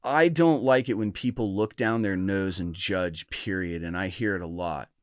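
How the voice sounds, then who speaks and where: A middle-aged man with a smooth, resonant voice, recorded close and dry. He hosts a podcast in a reflective, earnest manner. He often restarts and stumbles over his words. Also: low-pitched, moderate pace, no room sound. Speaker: podcast host. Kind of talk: casual chat.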